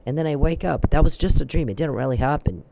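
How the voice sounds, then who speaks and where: A man's voice: on the high side, lively intonation, fast, vocal fry, dark tone, low-quality recording. A man delivering a preachy, emphatic religious monologue and quoting scripture.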